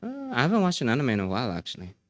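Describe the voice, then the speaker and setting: A man's voice: medium pitch, wildly swooping pitch, very fast, fairly bright tone, dry recording, studio quality. A man streaming live, chatting casually with his viewers, joking, laughing often and filling his talk with "like".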